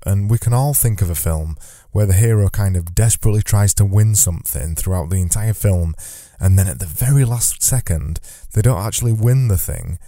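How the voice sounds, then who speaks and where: Deep, dark-voiced male podcast host. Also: no room sound, studio quality. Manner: conversational, loose, repeats phrases while thinking. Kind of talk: solo podcast monologue from notes. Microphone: studio microphone.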